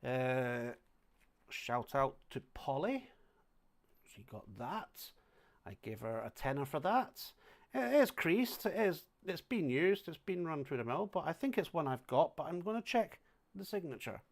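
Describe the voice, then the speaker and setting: A man's voice: mid-range voice, expressive, measured pace. Chatty Scottish man sorting banknotes. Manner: chatty, thinks aloud while sorting notes, sudden loud exclamations. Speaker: coin and banknote collector livestreaming. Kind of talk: casual livestream chat. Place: home flat indoors.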